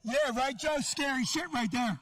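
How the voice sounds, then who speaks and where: A man's voice: very high-pitched, normal speed, fairly bright tone, no echo, recorded from a distance. A middle-aged man doing a stand-up set in a comedy club, brash and profane as he teases the crowd. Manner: brash, profane, teasing the audience.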